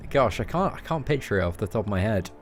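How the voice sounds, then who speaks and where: A man's voice: on the low side, expressive, fast, faint music behind. Chatty young man streaming games. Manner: chatty, joking, reads out chat messages. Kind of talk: casual live-stream chat.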